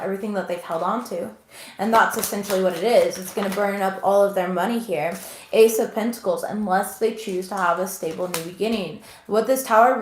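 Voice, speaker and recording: A woman in her thirties giving an earnest, emotional tarot reading to viewers. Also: medium pitch. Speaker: tarot reader. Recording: echoey room with faint noise.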